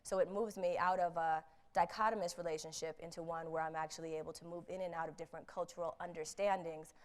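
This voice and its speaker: A woman who speaks on intercultural competence tells a personal story in a storytelling talk, in a lowish voice at a quick pace. She's lively, acting out the people she quotes and laughing at herself.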